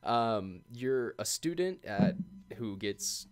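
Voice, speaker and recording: A man's voice: mid-range voice, expressive, takes it slowly, clear, resonant tone. A man hosting a casual podcast, chatty and laid-back, laughing often and filling gaps with ums, reading a sponsor spot in the same easy tone. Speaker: podcast host.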